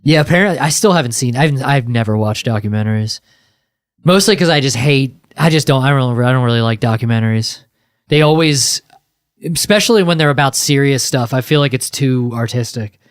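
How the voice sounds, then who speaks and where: A man co-hosting a podcast in casual chat, joking and stumbling through quick restarts. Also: medium pitch, dry recording, studio quality. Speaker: podcast co-host.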